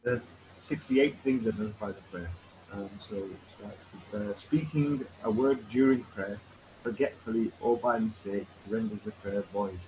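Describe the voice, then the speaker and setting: A man reading lines from a book aloud for the class in a plain, even way. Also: lowish voice, a little slow, slight background noise, poor audio. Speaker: student reading the text.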